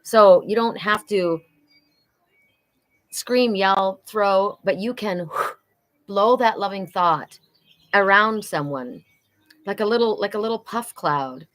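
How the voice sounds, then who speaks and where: A woman's voice: medium pitch, slow, long pauses, a bit bright, rough recording. A woman doing a live oracle card reading, passing on spirit messages in an earnest, enthusiastic way.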